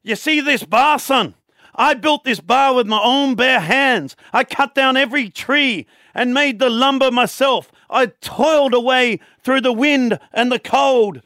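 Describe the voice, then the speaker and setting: A man's voice: extremely high pitch, no echo, studio quality, pitched above the performer's own voice, full character voice. A man putting on a boastful old Irishman. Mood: boastful, aggrieved. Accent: Irish, put on. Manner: slow, emphatic, rising to shouts.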